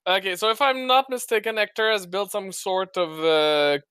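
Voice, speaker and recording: A wry, sarcastic man at a game table with a high voice. His voice is bright and sharp, and the recording is dry and close, with no room sound. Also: moderate pace, smooth, dry recording. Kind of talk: casual game table chat.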